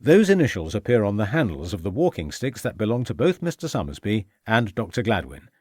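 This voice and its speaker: A man's voice: fairly low pitch, big pitch swings, fairly quick, a little mellow, no echo. A man reading an audiobook, voicing a shrewd, stern male police inspector who questions in a dry, mocking way. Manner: probing, dryly mocking.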